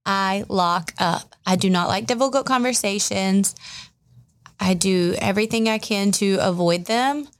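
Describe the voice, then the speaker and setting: A woman's voice: mid-range voice, a little slow. A woman co-hosting a podcast, chatting casually with many fillers and a self-deprecating tone. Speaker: podcast co-host.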